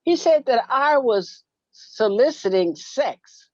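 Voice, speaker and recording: Animated woman telling a childhood story. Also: fairly high pitch, slow pace, no echo. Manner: acts out childhood dialogue, sings a playground rhyme. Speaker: minister and storyteller guest. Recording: dull, dry, muffled sound.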